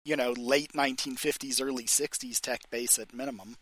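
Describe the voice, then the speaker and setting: A man's voice: mid-range voice, steady tone, fairly quick, a bit bright. A man on a podcast adding analytical trivia about a film in casual discussion. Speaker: podcast co-host.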